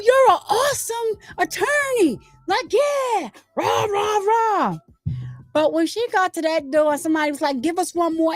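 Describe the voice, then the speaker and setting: Animated high-voiced woman commentator. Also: no room sound. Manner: animated, acts out crowd voices, indignant. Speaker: commentary channel host. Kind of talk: casual commentary.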